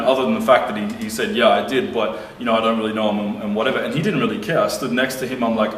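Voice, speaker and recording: A man's voice: mid-range voice, fairly bright tone. A man vlogging to camera, retelling a confrontation bluntly and with plenty of swearing. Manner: blunt, profane, heated retelling. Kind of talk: casual storytelling to camera. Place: lives abroad. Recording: roomy, distant mic with faint noise.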